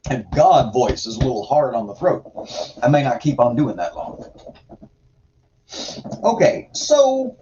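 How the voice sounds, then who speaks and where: Slow, profane man reading aloud. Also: medium pitch, big pitch swings, warm tone, recorded from a distance, highs cut off, a little hiss or hum. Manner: profane, sarcastic, drawling. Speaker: livestream host reading scripture aloud. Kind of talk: irreverent reading with commentary.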